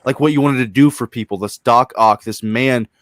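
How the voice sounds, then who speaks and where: A man's voice: medium pitch, normal speed, dry recording. Man, casual gaming chat, passionate retelling, dry close sound, swears a lot. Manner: animated, swears freely, retells scenes passionately.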